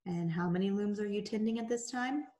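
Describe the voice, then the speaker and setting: A woman's voice: medium pitch, brisk, mellow, lightly acted. A woman reading the lines of a stern older male mill agent, asking short, clipped questions. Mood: cold.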